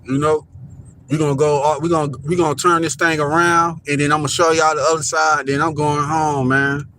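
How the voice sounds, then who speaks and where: A man live-streams casual commentary from inside a car driving downtown, rambling and repeating himself as he points things out to viewers. His slightly high voice is brisk and flat, sounding pushed and bright. The phone camera audio carries a little hiss or hum.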